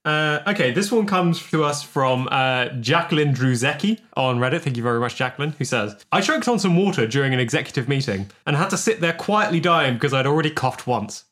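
A man co-hosting a comedy podcast, reading out listener posts and riffing on them. His pitch swings widely as he talks. He breaks into laughter often between lines. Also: expressive, brisk, few pauses, fairly bright tone. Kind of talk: comedic banter.

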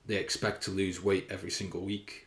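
Brief: male fitness coach, solo podcast, deep voice, rambling and self-conscious, echoey room. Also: little pitch movement, a little fast, a bit bright. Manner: rambling and self-conscious, with frequent fillers and swearing. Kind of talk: casual solo podcast chat. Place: room indoors, filming himself. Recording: roomy echo.

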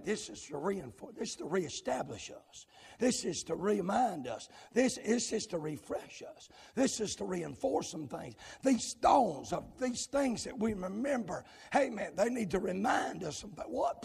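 A high-voiced man preaching at full cry, his gravelly, husky tone ringing out through a church hall with a long echo. He swings from hollered, sing-song lines to low, rapid asides to the congregation. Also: darkish tone. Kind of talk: shouting revival sermon.

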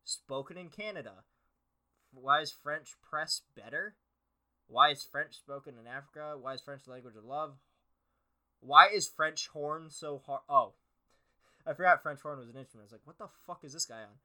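Man, sarcastic profane rant, very bright edgy tone, slightly high voice, solo podcast host. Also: moderate pace. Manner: sarcastic, profane, mock-outraged. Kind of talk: solo comedic rant, reading aloud.

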